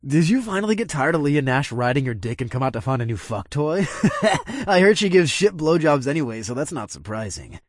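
A man's voice: mid-range voice, very animated, fairly quick, no room sound, studio quality. A man voicing a sneering frat bully. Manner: sneering, mocking. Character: cocky, taunting young frat guy.

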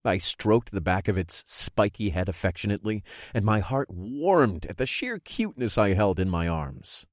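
A man narrates a first-person story in the style of an audiobook, his voice sitting a little low but swinging widely in pitch. The recording is dry and close, with no room sound around it. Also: moderate pace, hardly any pauses, dry recording. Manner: expressive storytelling, voicing characters' lines.

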